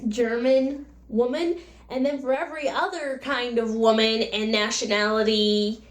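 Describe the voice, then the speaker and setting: High-voiced woman vlogger, roomy sound. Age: 20s. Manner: exasperated, asks rhetorical questions. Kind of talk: casual vlog rant.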